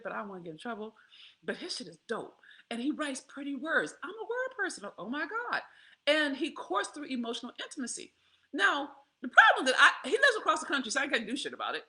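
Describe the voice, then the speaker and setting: A woman, telling a candid personal story to her viewers in a profane, animated way, laughing often. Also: high-pitched. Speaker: vlogger.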